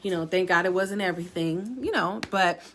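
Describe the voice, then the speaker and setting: Animated middle-aged woman telling a story. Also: fairly quick. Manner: animated, acts out quoted voices with big pitch jumps. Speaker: salon suite owner sharing a warning. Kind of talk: casual storytelling to followers.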